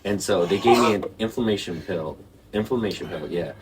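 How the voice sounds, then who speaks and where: Low-voiced guy on a podcast, swinging all over as he tells a crude story, kinda far from the mic. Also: fairly quick, heavy background noise. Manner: animated, laughing, swearing, acts out quotes. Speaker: podcast co-host. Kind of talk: casual storytelling chat.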